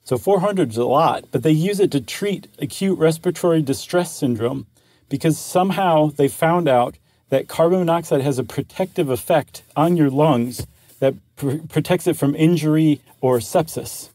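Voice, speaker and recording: An enthusiastic man co-hosting a relaxed podcast, his fairly high voice tumbling along with restarts. He sounds dry and close on a studio mic. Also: moderate pace, no room sound. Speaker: podcast co-host. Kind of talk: casual conversational podcast.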